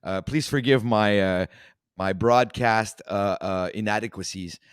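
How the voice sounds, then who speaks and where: A man's voice: lowish voice, unhurried, clean tone, dry recording, clean studio sound. A man with a Canadian accent hosting a casual livestream talk show, rambling with many fillers and restarts.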